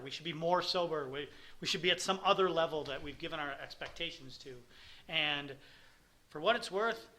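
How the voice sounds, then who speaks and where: A middle-aged man speaks at a recovery meeting, sharing his story in a candid, rambling way. His voice is very bright and edgy, sitting slightly high for a man. He talks bluntly and plainly to his peers. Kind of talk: personal testimony talk.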